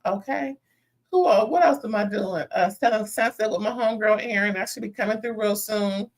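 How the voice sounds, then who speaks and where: A woman's voice: medium pitch, normal speed. Sassy woman recapping reality TV live. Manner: animated, sassy, talks straight to viewers. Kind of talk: casual live recap to viewers.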